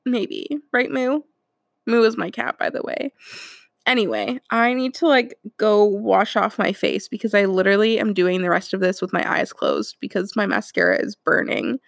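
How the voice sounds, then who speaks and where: A woman's voice: mid-range voice, normal speed, creaky, no echo, clean studio sound. A young woman hosting a solo podcast, tearful and earnest, laughing through her tears as she speaks. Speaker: podcast host.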